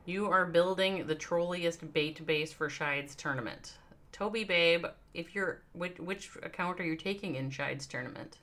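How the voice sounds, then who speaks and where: Low-voiced Midwestern woman streaming a game. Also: measured pace, a bit bright. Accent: American Midwestern. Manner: chatty, reads out viewer names, thinks aloud while playing. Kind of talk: casual live-stream chat.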